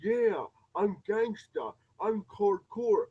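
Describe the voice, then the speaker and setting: A man's voice: sits high, slow pace, vocal fry, dark tone, husky, voice pushed up, full character voice. A man putting on a mocking voice of a brash, tough-acting reality-show woman, with exaggerated swagger and a lo-fi sound.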